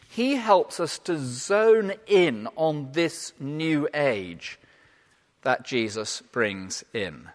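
Man, preacher, somewhat high voice, animated sermon delivery, long church reverb. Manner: animated, emphatic, shifts between loud and hushed.

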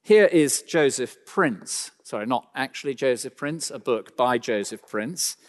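A man preaching a sermon, swinging between loud emphatic lines and quiet slowed phrases, with dry asides. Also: mid-range voice, expressive. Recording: long hall reverb.

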